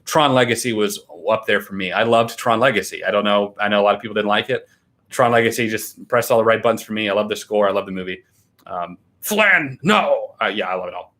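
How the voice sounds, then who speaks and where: A man's voice: lowish voice, fairly quick, a bit bright. A young American man hosting a casual livestream, chatting eagerly and reading out viewer comments. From United States. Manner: enthusiastic, chatty, reads comments aloud. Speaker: livestream host.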